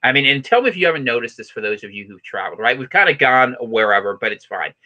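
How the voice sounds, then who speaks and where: A man from the western United States hosting a podcast in casual chat, talking fast and rambling with many restarts. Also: mid-range voice, lively intonation, sharp tone, lo-fi sound. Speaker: podcast host.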